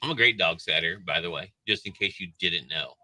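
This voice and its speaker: A man co-hosting a radio show, chatting casually and teasing his co-host with deadpan jokes. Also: sits low, brisk, low-quality recording. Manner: joking, teasing deadpan asides. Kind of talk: casual morning radio banter. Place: radio studio.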